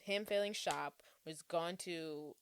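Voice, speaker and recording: A woman co-hosting a podcast, chatting casually about a film, animated, laughing often and breaking into song. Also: fairly low pitch, slow, background noise. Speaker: podcast co-host. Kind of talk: casual movie discussion.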